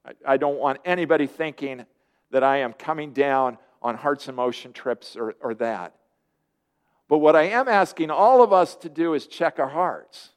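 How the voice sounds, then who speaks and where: A man preaching a sermon, lively and earnest, often acting out the voices of people he quotes. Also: fairly high pitch, moderate pace. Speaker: pastor.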